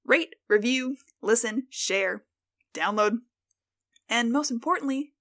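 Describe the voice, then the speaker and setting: A woman's voice: on the high side, takes it slowly, fairly bright tone. A young American woman hosting a casual solo podcast, playful and self-mocking as she stumbles over words. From United States. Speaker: podcast host.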